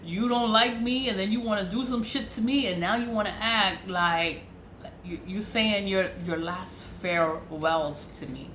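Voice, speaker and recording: A woman's voice: mid-range voice, normal speed, a bit bright. A woman venting in a candid monologue, heated and profane, repeating herself for emphasis. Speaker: online seller and vlogger. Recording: roomy echo with faint background noise.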